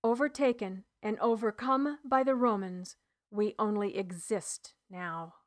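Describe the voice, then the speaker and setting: A woman's voice: medium pitch, measured pace, natural voice. A woman voicing a weary male tribal healer who speaks in an earnest, grave manner in an audiobook reading.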